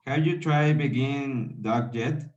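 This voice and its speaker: A male student reading a practice dialogue aloud, hesitant and halting. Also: mid-range voice, a little mellow. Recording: distant lo-fi video call.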